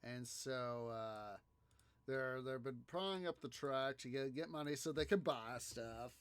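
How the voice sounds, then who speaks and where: A man hosting a gaming video, telling a story in a halting, rambling way, full of fillers and restarts as he plays. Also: medium pitch, fairly bright tone, clear, resonant tone. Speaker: gaming channel host. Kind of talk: casual gameplay commentary.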